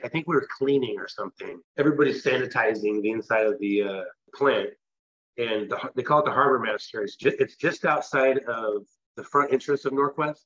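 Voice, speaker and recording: A man's voice: mid-range voice, fairly bright tone, muffled recording. A man from the West Coast of the US, a guest telling a long personal story in a casual, rambling way with restarts. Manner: rambling, with restarts and filler phrases. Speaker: interview guest.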